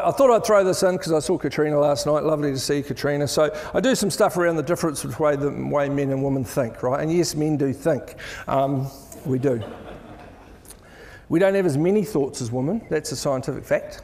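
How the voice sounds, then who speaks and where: Middle-aged New Zealand man, keynote speaker, chatty and jokey, fairly high voice, long hall reverb. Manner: chatty, jokey, animated storytelling. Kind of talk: conference talk. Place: large event hall.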